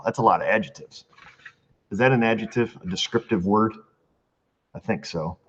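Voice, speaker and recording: A man's voice: lowish voice, normal speed, long pauses. A man hosting a casual mail call in his repair shop, joking and reading letters aloud with asides. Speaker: mechanic and channel host. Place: auto repair shop bay. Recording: dull lo-fi sound with faint noise.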